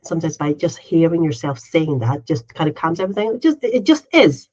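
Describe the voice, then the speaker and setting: A podcast co-host speaks in a low, mellow voice with a breathy edge and wide pitch swings, moving at a brisk clip while the recording's highs are cut off. She chats in a running, casual stream, tacks "right?" onto her sentences, and voices her own inner thoughts as little quotes.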